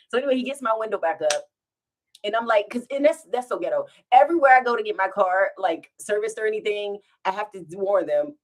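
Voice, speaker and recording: A woman telling funny stories to her live viewers in a casual storytime, giggling and breaking into laughter as she goes. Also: on the low side. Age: adult with children. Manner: giggly, animated, bursts into laughter.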